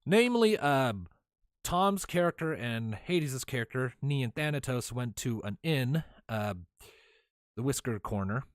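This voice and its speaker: A man hosting a casual podcast, recapping a tabletop game he ran as game master, animated and often laughing. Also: medium pitch, a little slow, no echo, clean studio sound. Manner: animated storyteller, laughs often, many fillers.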